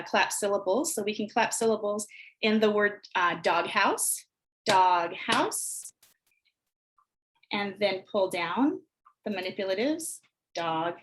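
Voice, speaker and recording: Over a video call, a female teacher trainer runs a workshop for teachers, sounding like a presenter speaking into her computer mic. Her medium-pitched voice explains early reading skills clearly and instructionally, slowing down to model short words and sentences.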